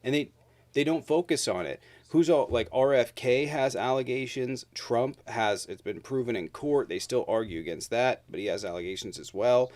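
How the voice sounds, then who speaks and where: A man's voice: mid-range voice, expressive, moderate pace, darkish tone, no room sound. A man hosting his own livestream, ranting bluntly and swearing freely in casual talk. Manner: blunt, profane, heated. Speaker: streamer host.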